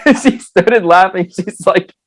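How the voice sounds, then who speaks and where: A man's voice: sits high, lively intonation, takes it slowly, no echo. A man guest on a podcast in casual chat, giggling through his own stories and full of "like" fillers. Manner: loose talk full of "like" fillers.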